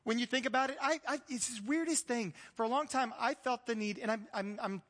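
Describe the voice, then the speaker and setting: Guy pastor preaching, high voice, chatty and jokey, big echoey church sound. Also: a little fast, fairly bright tone. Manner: conversational, joking, acts out quoted voices. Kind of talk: sermon.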